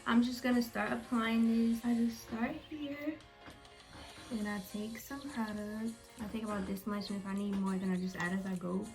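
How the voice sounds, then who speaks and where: A woman's voice: a little high, a little mellow. A young woman chatting casually to her viewers as she walks them through her hair-care routine. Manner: chatty, talks straight to viewers. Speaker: beauty vlogger.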